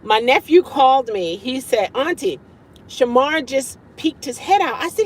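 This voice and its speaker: A woman hosting a casual live-stream chat from her parked car at night, with an animated, friendly way of talking. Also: sits high, measured pace, breathy edge, rough recording. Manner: lively, greets viewers warmly with laughs. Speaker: livestream host chatting with viewers.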